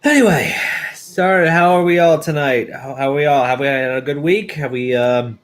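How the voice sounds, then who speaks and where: A man's voice: fairly high pitch, normal speed. A young man, a schoolteacher, hosting a casual live stream and telling stories loosely with many fillers. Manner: rambling, warm-hearted storytelling with many fillers.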